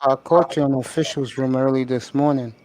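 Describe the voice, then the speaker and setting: A man's voice: mid-range voice, fairly even intonation, fairly quick, a little mellow, no room sound. A man hosting a casual live chat, affectionate and emotional with his guest. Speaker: host.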